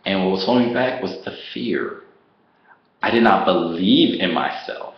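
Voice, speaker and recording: A man vlogger telling his personal story to the camera in an animated way, laughing often and acting out what he once said. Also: low-pitched, normal speed, lo-fi sound. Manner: animated, laughs often, acts out his own past words. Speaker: online business vlogger. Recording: roomy echo.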